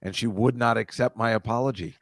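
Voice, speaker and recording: A man's voice: fairly low pitch, fairly quick, no echo, studio quality. Grumbling, defensive man co-host. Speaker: podcast co-host. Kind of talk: casual chat.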